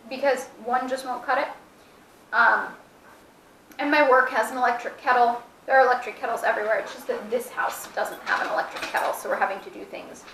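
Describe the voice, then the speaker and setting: A chatty woman with a high, bright voice talks casually to her vlog audience. Her playful, rambling manner carries through an echoey home kitchen, with faint noise behind her. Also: distant mic. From United States. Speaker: vlogger. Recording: echoey room.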